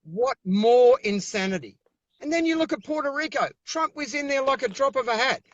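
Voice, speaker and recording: A man's voice: very high-pitched, fast talker, pushed and bright, highs cut off. An Australian man speaking over a video call as an interview guest, giving fiery, emphatic political talk and repeating himself when worked up.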